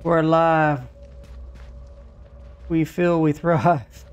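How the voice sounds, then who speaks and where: A man streaming a game live, muttering casual commentary and quick offhand reactions. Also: on the high side, level tone, smooth, faint music behind.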